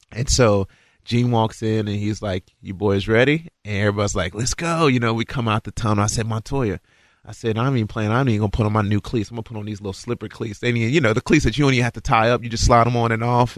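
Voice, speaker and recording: A former football player from Kentucky, telling an old game story in a casual, lively way and acting out what others said. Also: male voice, medium pitch, dry recording, clean studio sound. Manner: lively storyteller who acts out quotes, frequent fillers.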